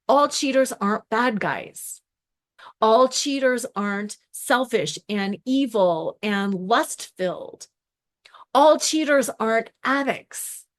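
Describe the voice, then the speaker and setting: A woman podcast host and coach talks casually in a slightly high voice. She piles up long spoken lists. She acts out the reactions she quotes.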